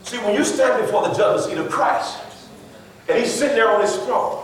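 A pastor giving an animated sermon, laughing and acting out quotes with emphasis. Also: male voice, very high-pitched, brisk, slight background noise. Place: church hall. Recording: roomy church sound from a distance with congregation. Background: congregation responding.

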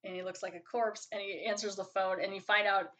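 A woman's voice: mid-range voice, little pitch movement, a little fast, bright, forceful tone. A woman hosting a podcast, chatting casually through an episode review in a rambling way, full of "like" fillers, on a poor home mic. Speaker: podcast host.

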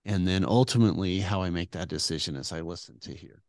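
A man's voice: deep voice, quick pace, no echo, clean studio sound. A middle-aged man answering interview questions as a guest doctor, earnest and rambling with many fillers.

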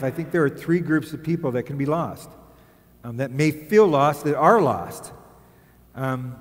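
A man's voice: on the high side, long reverb tail. A male pastor preaching a casual, jokey sermon, rambling into asides and checking with the room. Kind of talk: conversational sermon.

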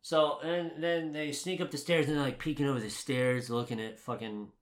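A man's voice: medium pitch, fairly even intonation, normal speed. A man recapping a story in casual, sarcastic chat, swearing often.

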